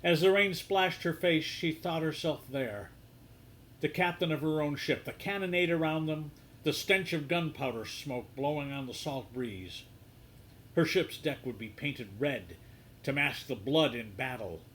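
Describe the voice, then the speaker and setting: A man reading a story aloud in a measured, hushed storybook style, softening his voice for the quoted lines. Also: a little high, low-quality recording.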